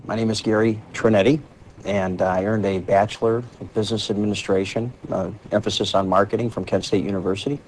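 A man company head introducing himself in a measured, matter-of-fact way. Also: on the low side, fairly even intonation, darkish tone, a little hiss or hum, low-quality recording. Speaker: company CEO. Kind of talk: self-introduction.

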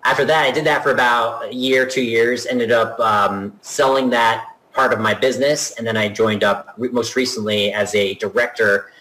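A man's voice: mid-range voice, steady tone, moderate pace, hardly any pauses, sharp tone, slight background noise, poor audio. A man from New Jersey giving a chatty, rambling introduction of his marketing career. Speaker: marketing professional introducing himself. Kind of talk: casual self-introduction.

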